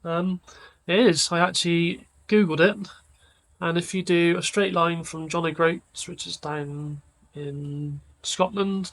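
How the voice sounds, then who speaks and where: A man talks in a loose, rambling way, full of fillers and trailing thoughts. His voice sits a little higher than most men's. This is casual vlog chat. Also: poor audio. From England. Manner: rambling, relaxed, lots of fillers. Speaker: vlogger.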